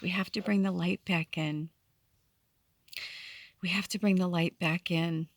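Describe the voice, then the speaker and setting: Woman, late 40s, lowish voice, dry close sound; candid spiritual vlogger, heartfelt, swears casually. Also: fairly even intonation, unhurried, dry recording. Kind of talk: casual late-night vlog talk.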